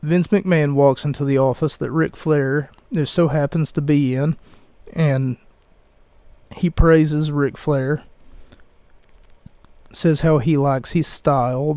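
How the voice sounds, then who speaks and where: A young man hosting a casual podcast, rambling through reviews with many fillers, pauses and restarts. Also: a little high, mellow, clear, resonant tone, no room sound. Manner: slow, halting, many fillers and self-corrections. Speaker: podcast host reviewing wrestling events.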